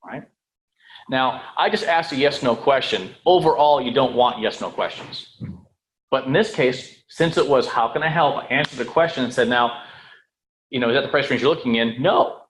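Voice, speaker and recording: A man teaching real estate sales in a room with an audience, lively, checking in with "right?" and "okay?" and acting out phone calls. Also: medium pitch, normal speed, a little hiss or hum, poor audio. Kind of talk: live sales training talk.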